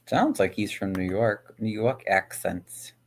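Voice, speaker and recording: A man's voice: lowish voice, a little slow. A man hosting a casual reaction vlog, muttering and thinking aloud as he browses clips. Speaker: host.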